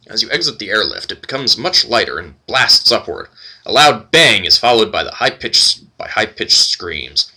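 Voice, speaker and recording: A man's voice: on the low side, big pitch swings, normal speed, pushed and bright, slightly rough. A man hosting a let's play, reading the game's text aloud and adding wry, playful asides. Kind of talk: game narration and commentary.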